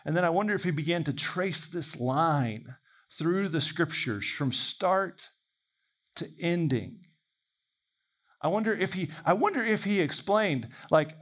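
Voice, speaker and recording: A man preaching a sermon in a conversational, animated way, imagining dialogue aloud. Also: high-pitched, unhurried.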